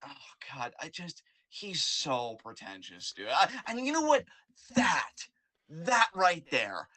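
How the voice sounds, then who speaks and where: A man's voice: a little high, wildly swooping pitch, takes it slowly, pushed and bright. A man co-hosting a podcast, ranting in casual, profane, rambling chat. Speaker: podcast co-host.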